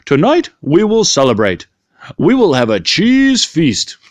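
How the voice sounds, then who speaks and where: A man's voice: fairly high pitch, huge pitch swings, measured pace, no room sound, pitched above the performer's own voice. A man voicing a kindly bookstore owner who loves cheese and cats, in an emphatic storybook delivery. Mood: cheerful.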